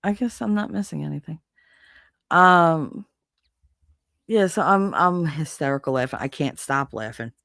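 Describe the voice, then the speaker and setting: Casual: lowish voiced new york mom on a podcast, laughs a lot, swears, dry close mic. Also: female voice, a little slow, creaky, long pauses, no echo. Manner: animated, laughs often, acts out quotes. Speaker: podcast host. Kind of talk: casual storytelling.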